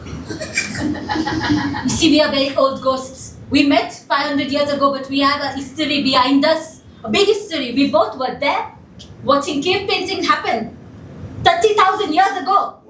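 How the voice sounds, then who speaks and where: A woman's voice: sits high, steady tone, moderate pace, fairly bright tone. A woman performing live improv comedy, lecturing in a mock-solemn way and quizzing the audience. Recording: echoey hall, far from the mic, noisy.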